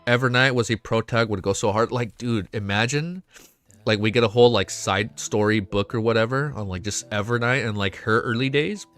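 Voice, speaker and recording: A young man hosting a casual livestream, excitable and swearing often, reading chat aloud. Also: lowish voice, fairly quick. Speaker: livestream host. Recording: faint music behind.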